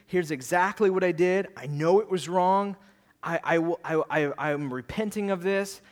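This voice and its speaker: Animated high-voiced male preacher. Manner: animated storytelling, acting out quotes, shouting at peaks; earnest, preacherly. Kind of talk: sermon with personal story.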